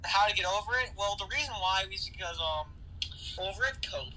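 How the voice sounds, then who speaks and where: A man voicing a fast, cocky male cartoon hedgehog in a rushed, high-pitched voice. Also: animated, bright, forceful tone, slight background noise, full character voice, low-quality recording.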